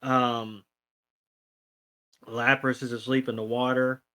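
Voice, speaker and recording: A man's voice: medium pitch, flat delivery, slow, pushed and bright. A man co-hosting a podcast, casually recapping a cartoon episode with lots of fillers and the odd swear word. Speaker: podcast co-host.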